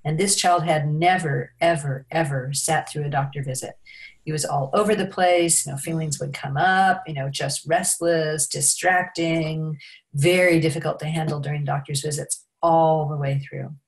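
A woman with a notably low voice, talking as a guest in an interview. She tells her stories in an animated way, often restarting a phrase before going on. Her delivery is warm in content and steady as a parenting expert. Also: moderate pace. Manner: animated storytelling with many restarts. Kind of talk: interview conversation.

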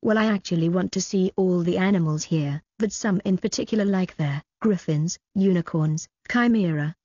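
A woman reading the part of an excited young man who loves fantasy creatures, in a storybook reading on a dull, dry recording. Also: on the low side, normal speed, slightly rough, no echo. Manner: giddy, eager.

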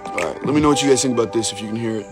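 A man's voice: mid-range voice, racing, loud music behind the voice. Rambling, swearing young American man. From United States. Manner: rambling, profane, filler-heavy, joking. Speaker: livestream host. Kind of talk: casual livestream chat reading comments.

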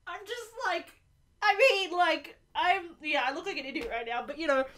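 Young woman reacting to a TV episode, very high and bright voice, excitable, shouting and swearing. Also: normal speed. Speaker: reaction video host.

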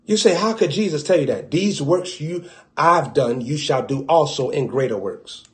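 A fervent male preacher with a Southern US accent and a somewhat high voice. He drives his points with loud exhortation, then drops into low, hushed asides. He acts out little dialogues as he goes. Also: moderate pace. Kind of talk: sermon.

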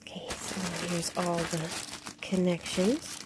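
A woman vlogger unboxing a package, excitable and quick to swear and laugh. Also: fairly low pitch, background noise. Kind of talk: casual unboxing vlog.

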